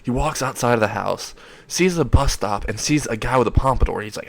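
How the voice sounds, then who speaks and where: A man narrating a comedic fan story in a rambling, excitable way, correcting himself as he goes. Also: medium pitch, a little fast, gravelly.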